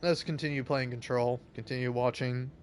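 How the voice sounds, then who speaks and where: A man's voice: medium pitch, fairly even intonation, moderate pace, slight background noise. An American man from the southeastern US, chatting casually while gaming, in a rambling way with many fillers and restarts. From southeastern United States. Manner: rambling, filler-heavy, frequent 'like' and restarts. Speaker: streamer.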